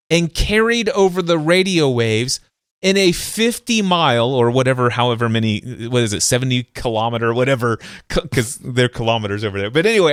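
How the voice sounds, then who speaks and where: In a dry, studio-quality recording, a man with a fairly high, clean voice hosts a podcast and excitedly tells anecdotes. He animates them by performing sounds and voices, frequently stumbling and starting sentences over.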